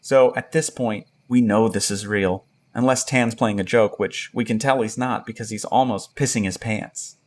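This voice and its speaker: A man reading a first-person horror story aloud in a steady storytelling tone. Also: lowish voice, normal speed, hardly any pauses. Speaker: narrator. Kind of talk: scripted narration of a horror story.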